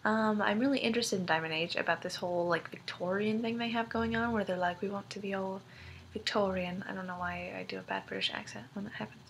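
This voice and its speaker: A woman's voice: mid-range voice, fast, creaky, hardly any pauses, slight background noise. A young woman vlogging casually to her friends, rambling with many ums and likes and giggling between thoughts. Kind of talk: casual video-letter chat to friends.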